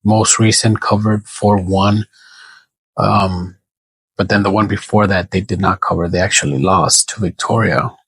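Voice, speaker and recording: A man's voice: sits low, fairly even intonation, a little slow, a bit bright, slightly rough, no echo, poor audio. A man making casual soccer betting predictions on his own, thinking aloud and correcting himself as he goes. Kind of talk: casual solo prediction talk.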